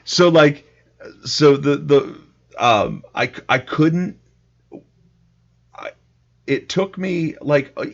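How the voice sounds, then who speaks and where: A man's voice: on the high side, lo-fi sound. A man co-hosting a casual tabletop-gaming podcast chat, who laughs often and swears casually. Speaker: podcast co-host.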